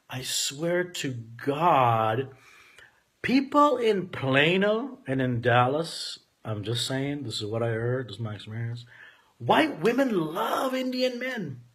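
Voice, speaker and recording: A man in his forties telling a candid personal story, emphatic and profane, swinging between loud outbursts and quiet asides. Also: mid-range voice. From Canada.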